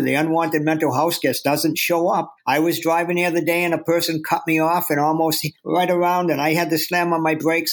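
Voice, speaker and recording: Guest author, male, higher-pitched voice, earnest and animated storyteller who acts out inner voices. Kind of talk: reflective interview talk.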